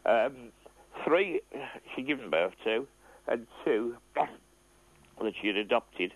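Older man phoning in, choked up and halting, heard down a tinny phone line. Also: mid-range voice, lively intonation, dry recording. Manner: emotional, halting, throat-clearing. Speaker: caller. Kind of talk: phone-in call.

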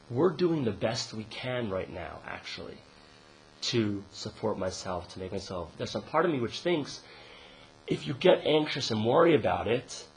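A man giving a conversational dharma talk as a meditation teacher. He keeps checking in with "right?" and gets animated and laughs while telling a joke. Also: a little hiss or hum, rough recording. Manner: conversational, frequent "right?" tag questions; laughs and rises in pitch when telling a joke.

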